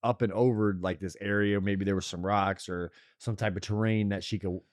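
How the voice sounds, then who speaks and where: A man's voice: on the low side, fairly even intonation, moderate pace, no echo, clean studio sound. A young man co-hosting a casual chat podcast, laid-back and slangy, often saying bro. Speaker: podcast co-host.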